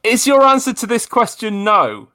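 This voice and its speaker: Guy hosting a comedy pod, deadpan, bouncy pitch, dead dry mic. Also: normal speed, dry recording. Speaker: podcast host. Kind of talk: casual improv banter.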